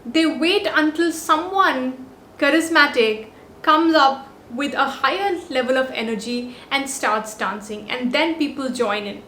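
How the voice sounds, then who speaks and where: Her voice sits high and a bit bright, moving at a measured pace while she lists scripted body language advice with upbeat emphasis. Slight background noise and a roomy echo surround the compact on-camera mic recording of this vlog host.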